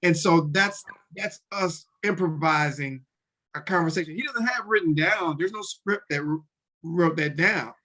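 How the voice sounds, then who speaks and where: A man's voice: fairly high pitch, a little slow, bright, forceful tone. Casual man explaining game rules. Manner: talks in restarts, acts out short character lines. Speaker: podcast co-host explaining tabletop games.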